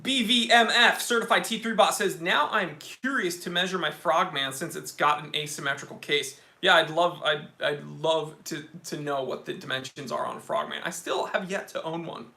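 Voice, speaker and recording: A young man hosts a watch channel's live stream, speaking casually and reading viewer comments with enthusiasm. His slightly high voice carries vocal fry, moving at a moderate pace with hardly any pauses.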